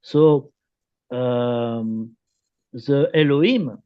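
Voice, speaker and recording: A man, a guest author explaining at length in an interview, halting with many fillers and repeated phrases. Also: mid-range voice, smooth, highs cut off. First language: French. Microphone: video call.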